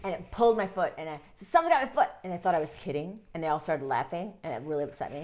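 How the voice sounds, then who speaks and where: Low-voiced woman telling vivid stories. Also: rapid-fire, a little hiss or hum. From United States, Midwest. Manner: animated, dramatic storytelling that swings between loud exclamations and hushed tones. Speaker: guest. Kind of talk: casual interview storytelling. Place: a home.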